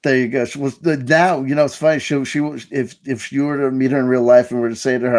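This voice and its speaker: A man's voice: medium pitch, fairly even intonation, quick pace, hardly any pauses, a little mellow, no echo. A man hosting a live online stream, telling a story in a mock-grandiose, self-mocking way. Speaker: host. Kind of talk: casual live-stream chat.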